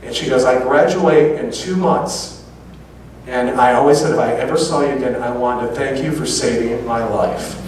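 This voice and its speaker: A man giving a lecture, telling a personal story with lively quoted dialogue. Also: medium pitch, moderate pace, slight background noise. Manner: animated anecdotes with quoted dialogue. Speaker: public speaker. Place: large auditorium. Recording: very echoey hall from far off.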